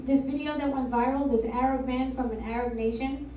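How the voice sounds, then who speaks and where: A middle-aged woman performing a stand-up comedy set in a comedy club, crude and deadpan, working the crowd between punchlines. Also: high-pitched, takes it slowly, long pauses, noisy background. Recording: echoey club audio from far off with loud crowd.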